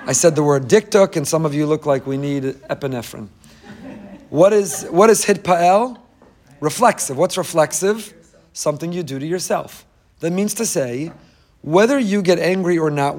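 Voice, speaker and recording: A man teaching a lively Torah lecture, emphatic and repeating key phrases, with joking asides to his listeners. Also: a little high. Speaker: rabbi teaching a class.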